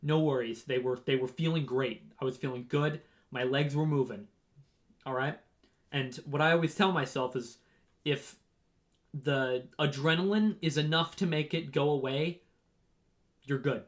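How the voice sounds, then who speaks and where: A man's voice: a little high, moderate pace. A young man casually telling a rambling story about a race, with frequent "right?" and "um" asides. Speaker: runner on a race team.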